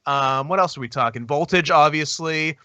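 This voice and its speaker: A man co-hosting a podcast in casual chat, joking, riffing quickly and laughing often. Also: a little high, bright, forceful tone, clean tone, no echo. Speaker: podcast co-host.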